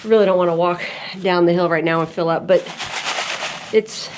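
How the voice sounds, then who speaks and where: A woman's voice: fairly low pitch, steady tone, moderate pace, noisy background. A woman hiker talking to her camera on a mountain trail, chatty and giggly as she tells a story. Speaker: thru-hiker vlogger. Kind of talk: casual outdoor vlog narration.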